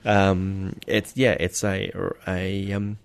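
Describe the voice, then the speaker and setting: A man's voice: sits low, level tone, takes it slowly, smooth, dry recording. An Australian man co-hosting a podcast, chatting casually in a rambling, hesitant way with many fillers and restarts, and joking at his own expense. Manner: self-deprecating. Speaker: podcast co-host. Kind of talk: casual chat.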